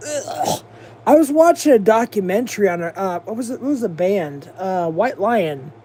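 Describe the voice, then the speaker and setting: A man's voice: high voice, animated, normal speed, warm tone, breathy edge. An American man hosting a livestream, rambling and mocking in a profane, casual rant. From United States. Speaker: livestream host.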